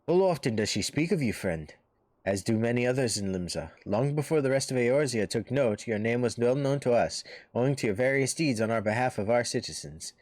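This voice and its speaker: A man voicing a flattering, courtly naval officer recruiting a hero in a game. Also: mid-range voice, brisk, no echo, lightly acted.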